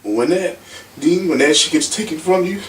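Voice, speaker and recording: A man with a fairly high speaking voice tells stories in loose street slang and swears freely. He sounds far from the mic in an echoey room with steady background noise. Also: moderate pace. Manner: profane, animated storyteller with street slang. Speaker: interview guest, former pro wrestler. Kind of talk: casual shoot interview storytelling.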